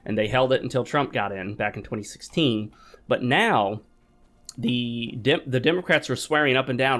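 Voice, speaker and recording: A man's voice: medium pitch, moderate pace, a bit bright. A man hosting his own gaming channel, talking to viewers in a rambling, chatty way while he plays at his home desk. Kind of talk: casual gameplay commentary.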